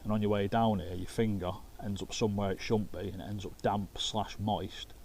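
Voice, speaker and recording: A man's voice: on the low side, steady tone, a little fast, creaky, a little mellow, slight background noise. A man chatting casually to camera outdoors by a lake, telling anecdotes while fishing. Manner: chatty anecdotal storytelling with swearing. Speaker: carp angler and vlogger.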